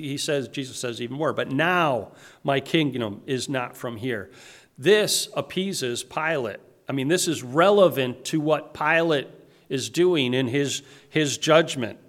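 A man teaching through a Bible passage verse by verse, explaining it in plain everyday paraphrase and often restarting his sentences. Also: a little high. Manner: frequent restarts and repeated words.

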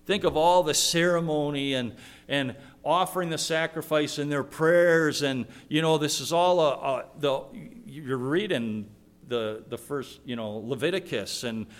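A man delivers a sermon, teaching through scripture verse by verse. His voice sits a little high for a man. He talks in a conversational way, repeats his words, and slips into the voices he quotes. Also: measured pace. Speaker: preacher.

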